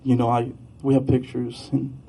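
A man giving a heartfelt memorial speech, halting, with fillers and soft laughs. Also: mid-range voice, completely flat delivery, creaky. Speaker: memorial speaker, boyfriend. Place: Iowa.

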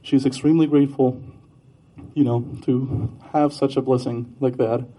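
A man giving a heartfelt memorial speech, halting, with fillers and soft laughs. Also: mid-range voice, steady tone. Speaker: memorial speaker, boyfriend. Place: Iowa.

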